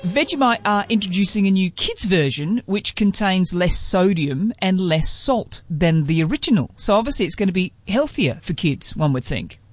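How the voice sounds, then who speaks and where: A man's voice: sits high, lively intonation, moderate pace, hardly any pauses, no room sound, faint music behind. A man with an Australian accent, hosting a radio show and telling a jokey story in casual chat. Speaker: radio host.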